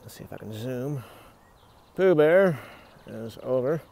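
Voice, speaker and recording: A man's voice: mid-range voice, lively intonation, measured pace, creaky, warm tone. A man in a casual outdoor vlog, talking in a rambling, self-mocking way while tired and shaky from garden work, recorded on a handheld phone. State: shaky hands, tired from digging.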